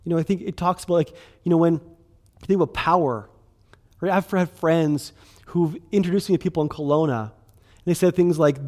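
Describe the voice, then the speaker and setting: A middle-aged pastor delivering a sermon as if chatting with friends. His voice sits a little high for a man, and he fills his speech with casual asides, quick bursts and restarts. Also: darkish tone. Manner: conversational, filler-heavy, restarts, quick bursts.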